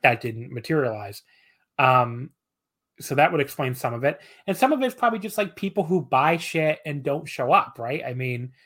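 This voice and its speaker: A man's voice: mid-range voice, a bit bright. A man appearing as a guest on a podcast, talking casually and rambling, often laughing at himself. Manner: laughing, rambling, self-deprecating.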